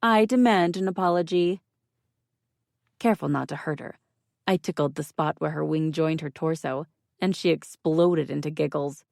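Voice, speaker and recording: A woman narrating an audiobook in the first person, low-pitched with a gravelly edge. She reads slowly and wryly. The sound is close and completely dry. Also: steady tone, dark tone, dry recording.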